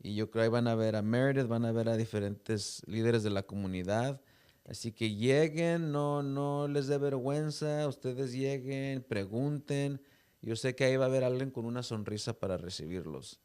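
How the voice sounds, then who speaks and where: A man's voice: mid-range voice, brisk, a little mellow, clean tone. A man from the US West Coast hosting a casual live-stream chat, talking easily and switching between English and Spanish. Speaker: host.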